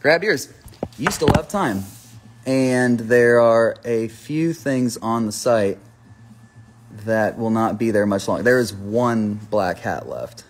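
A man's voice: fairly low pitch, a little mellow. A man chatting casually on a phone live stream, rambling with lots of "like" and reading out viewers' names and hometowns. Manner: rambling, filler-heavy, reads out viewer names. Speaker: musician streaming a merch live.

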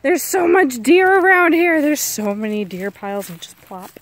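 Very animated and high-pitched, a woman from the American South chats at a normal speed as she walks her dog in the woods for a casual outdoor vlog. She coaxes the dog along in baby talk.

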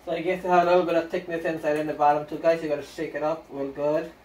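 A man with a high voice, chatting casually to viewers while he cooks curry in his home kitchen. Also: very fast. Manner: chatty, relaxed, talks straight to viewers. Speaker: cooking vlogger. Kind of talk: casual cooking demonstration. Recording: roomy kitchen, distant mic, sizzling.

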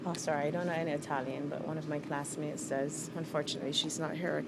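A young adult woman, working as a student reporter, records a laid-back, self-mocking phone vlog while walking through a crowded church. Her voice is low and steady, and she talks quickly. Noise from the visiting crowd fills the phone audio.

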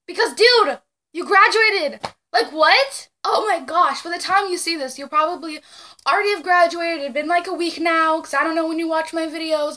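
High, bright-voiced young woman vlogger. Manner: gushing, excitable, blunt with mild swearing. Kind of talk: casual emotional address to camera.

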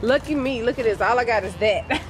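A woman's voice: a little high, a little fast, background noise. A woman from Houston with a Texan Southern accent, chatting playfully to the camera in a casual family vlog. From Houston, Texas. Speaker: family vlogger.

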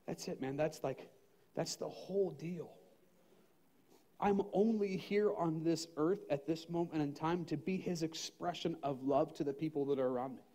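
A middle-aged man from the United States, a pastor telling a personal story in a spontaneous sermon, conversational and animated, laughing often and acting out his own thoughts. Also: a little high.

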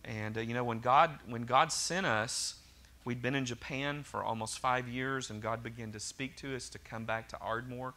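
A bright, forward-voiced man from Oklahoma preaches to his congregation. He talks in an easy, conversational way, often restarting sentences and dropping in joking asides. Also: medium pitch, steady tone, normal speed. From Oklahoma, USA. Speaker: pastor. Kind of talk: sermon.

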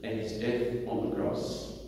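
A priest reads scripture and preaches in an unhurried, measured voice with a dark, mellow tone. He sounds far from the mic, his words trailing through the long reverb of a church. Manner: slow, measured delivery. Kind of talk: gospel reading and homily. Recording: echoey church hall from far off.

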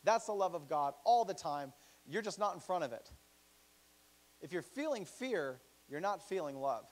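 Animated joking male pastor preaching. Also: sits high, moderate pace. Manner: animated and joking, acts out quoted voices. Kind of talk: sermon.

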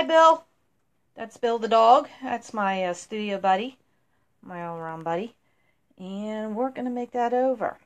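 A woman's voice: medium pitch, a little hiss or hum. A woman chatting casually through a furniture painting how-to, with lots of ums. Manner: chatty, lots of ums, talks to her dog. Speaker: furniture makeover vlogger.

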